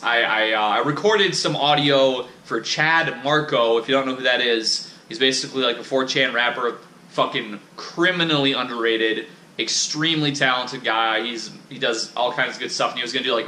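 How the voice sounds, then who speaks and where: A man's voice: mid-range voice, sharp tone, reverberant, a little hiss or hum. A man vlogging in a casual, rambling monologue, profane and self-critical, with many restarts.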